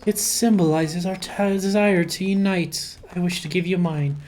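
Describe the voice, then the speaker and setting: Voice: mid-range voice, moderate pace, a little mellow, a little hiss or hum, pitched above the performer's own voice, close to an everyday voice. Streamer reading as a solemn dragonfly monk.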